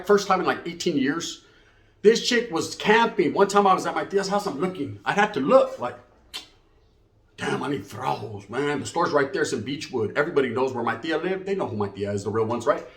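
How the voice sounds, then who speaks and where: A man's voice: a little high, expressive, fairly quick. Slangy storyteller man. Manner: streetwise slang, tags lines with "right?". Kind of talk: comedic storytelling. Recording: roomy echo.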